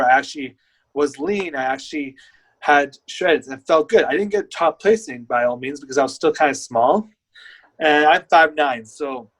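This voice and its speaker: A man's voice: medium pitch, poor audio. A man guest, a bodybuilder, telling his story in candid, rambling casual chat.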